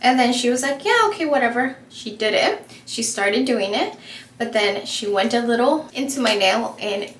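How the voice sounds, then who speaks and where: A young woman vlogging while she does her makeup, telling a story in a chatty, animated way full of fillers. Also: fairly high pitch, moderate pace. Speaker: beauty vlogger. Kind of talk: casual get-ready-with-me storytelling. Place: home room while doing makeup. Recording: echoey room with faint ambient noise.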